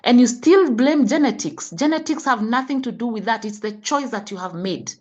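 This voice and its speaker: Her pitch fairly high and her tone darkish, this middle-aged health coach with a Kenyan accent speaks at a moderate pace, with the highs cut off in the audio. It's an impassioned talk in which she scolds parents through rhetorical questions.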